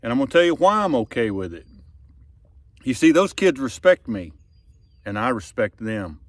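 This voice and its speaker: A middle-aged man tells a story in a casual, folksy, earnest way, often trailing off softly. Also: medium pitch, big pitch swings, moderate pace, no echo. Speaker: fishing vlogger and tournament angler. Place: outdoors on a boat on a river.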